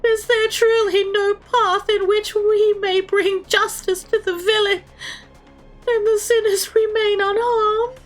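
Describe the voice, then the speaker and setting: A woman's voice: very high voice, steady tone, slow pace, faint music behind, voice pushed up. A woman voicing an earnest, dramatic young female knight who speaks in old-fashioned, theatrical words. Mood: pleading. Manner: archaic, theatrical, exclaiming.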